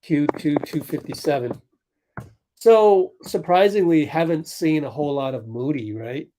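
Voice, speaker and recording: A young man hosting a casual sports livestream, thinking aloud and calling plays in quick bursts while chatting with viewers. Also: a little high, mellow, a little hiss or hum. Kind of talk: casual live game commentary and chat.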